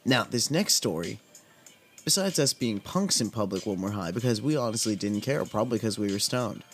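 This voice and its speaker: A man's voice: lowish voice, lively intonation, moderate pace, faint music behind. A young man from Southern California's desert valley, casually telling a podcast story in a laid-back, profane, filler-heavy way. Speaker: podcast host.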